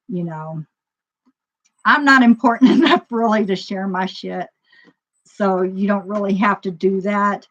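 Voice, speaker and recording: A woman speaks in an unhurried, meandering vlog monologue at a mid-range pitch. She circles her points with frequent fillers. The recording sounds muffled and lo-fi. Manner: rambling, full of "you know" fillers. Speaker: store owner. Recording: dull lo-fi recording.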